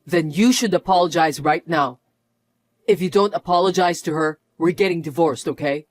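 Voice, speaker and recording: A man's voice: a little high, normal speed, no room sound, close to an everyday voice. An actor playing a mocking, controlling young husband who laughs often as he sneers. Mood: scolding. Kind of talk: narrated drama acting.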